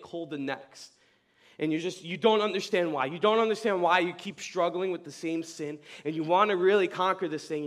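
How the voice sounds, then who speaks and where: A young man preaching a casual youth sermon, telling stories in slang with a voice that leaps up high and loud. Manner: animated storyteller, casual slang, voice jumps high and loud in retold scenes. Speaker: youth pastor.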